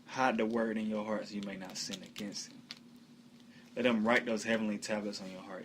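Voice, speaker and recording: A man teaching from the bible in a conversational way, with many fillers, reading scripture slowly and loudly. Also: on the low side, little pitch movement, slight background noise.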